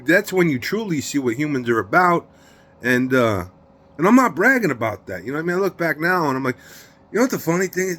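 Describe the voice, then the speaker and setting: A middle-aged man, telling a story in an interview in streetwise slang, emphatic and animated. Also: a little high. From New York.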